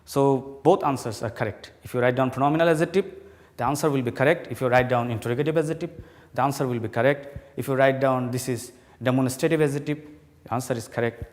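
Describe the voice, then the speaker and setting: A male teacher giving a slow classroom lesson, explaining and repeating each point. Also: mid-range voice, big-room sound.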